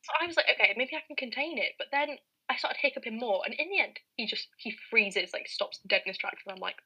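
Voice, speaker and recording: A woman's voice: a little high, animated, quick pace, pushed and bright, slightly rough, rough recording. A young woman co-hosting a podcast, telling rambling, giggly anecdotes with lots of "like". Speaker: podcast co-host. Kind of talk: casual chat.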